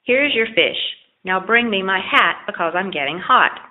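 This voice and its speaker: A woman voicing a kindly, trusting old fisherman who calls out loudly to his animals and speaks gently to them, in a storybook reading. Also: mid-range voice, lively intonation, moderate pace, natural voice. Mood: calling, gentle. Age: older. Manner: calling out, gentle and patient. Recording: tinny phone-like lo-fi recording.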